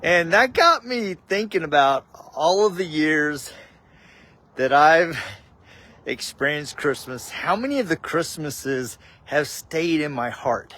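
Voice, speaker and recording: A man's voice: a little high, lively intonation, slow, bright, forceful tone. A man casually telling a heartfelt personal story with a faith reflection, often saying "dude". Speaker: vlogger.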